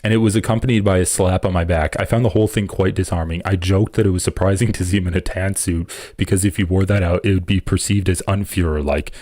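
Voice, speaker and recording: A man with a low, deep voice hosts a live political stream. He reads from an article and keeps cutting in with profane, animated comments. His dry, close sound carries no room echo. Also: quick pace, hardly any pauses.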